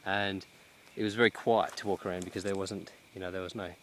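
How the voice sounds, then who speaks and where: A man talks slowly and thoughtfully into a handheld camera while out walking, restarting his sentences often. His voice sits a little low, and he sounds slightly short of breath. Faint outdoor noise runs beneath him. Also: level tone, fairly bright tone. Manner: reflective, halting, many restarts and fillers. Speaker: vlogger. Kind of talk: casual vlog monologue. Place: outdoors in a cut-down pine plantation.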